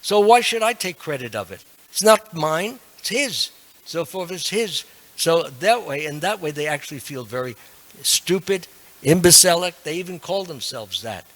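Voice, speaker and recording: A man's voice: on the high side, expressive, normal speed, a bit bright. An older man giving a devotional sermon to a temple class, earnest and emphatic with self-deprecating asides. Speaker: monk lecturing a temple class.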